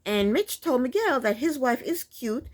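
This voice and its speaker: Female recap vlogger, chatty and opinionated, lively, expressive delivery. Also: sits high, a little slow. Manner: blunt, sassy, chatty with frequent asides.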